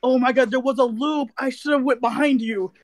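A man's voice: extremely high pitch, fairly even intonation, a little fast, no room sound. A man in a casual gaming chat, playful and teasing, dropping hints and jokes at the others. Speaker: player.

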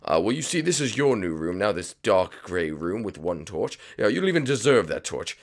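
A man's voice: fairly low pitch, sing-song, moderate pace. A man voicing a scheming male reptile villain professor, gloating and theatrical, for a game roleplay.

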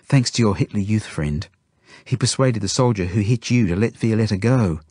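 A man reading an audiobook voices a gentle, concerned woman caring for children, close to his own low voice. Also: moderate pace, breathy edge, no room sound.

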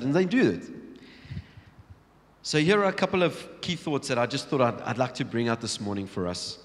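A man preaching a sermon, telling Bible stories with lively acted-out scenes and frequent restarts. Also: medium pitch, a little fast. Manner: storytelling, acting out Bible scenes, many restarts. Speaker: pastor. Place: large church hall. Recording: long church hall reverb.

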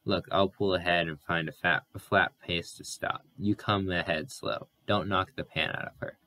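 A cool-headed young farm man talks things through in a drawling rural way, as a man reads him aloud. The voice sits low and stays unhurried and practical. It sounds like a storybook reading. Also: fairly even intonation, pushed and bright.

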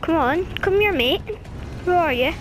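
A woman's voice: extremely high pitch, expressive, measured pace, background noise. A woman giving casual running commentary while playing a video game, chatting and chanting commands at the screen. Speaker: gaming channel host. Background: game music.

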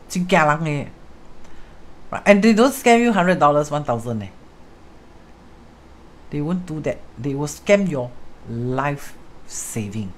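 Chatty Singaporean woman hosting a livestream. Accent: Singaporean English. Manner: chatty, mixes in Hokkien and Mandarin words, acts out callers in high voices. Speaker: host, fortune-telling teacher. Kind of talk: casual livestream chat with viewers.

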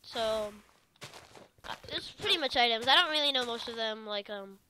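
A young woman hosting a gaming video, explaining a game in a slow, hesitant, casual way with lots of fillers. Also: fairly high pitch, lively intonation. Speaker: gaming channel host. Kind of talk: casual gameplay commentary. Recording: noisy home recording.

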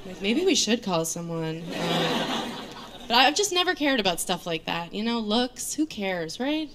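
A woman in her thirties from New York doing a stand-up set on stage, with a deadpan, self-mocking delivery full of fillers. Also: mid-range voice, measured pace, heavy background noise. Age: 30s. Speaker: stand-up comedian. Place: comedy stage before a live audience. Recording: live show with crowd laughter. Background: audience laughter.

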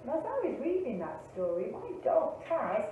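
A woman, an early years teacher, reading a picture book aloud to children in a slow, expressive storytelling way. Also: a little high, slight background noise. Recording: echoey, phone-like, from a distance.

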